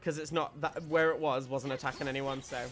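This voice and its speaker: A man's voice: medium pitch, steady tone, fairly quick, soft background music. A man streaming a video game, giving casual commentary as he explains tactics, often restarting his sentences.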